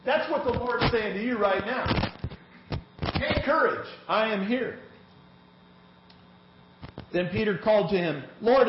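High-voiced pastor guy preaching, kinda dull echoey church recording. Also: background noise. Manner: animated preaching, reads scripture aloud with rising intensity. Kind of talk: sermon.

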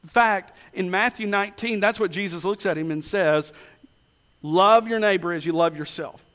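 A man preaching a sermon, asking rhetorical questions and slowing down to stress key words. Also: sits high, a bit bright. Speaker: pastor. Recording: long hall reverb.

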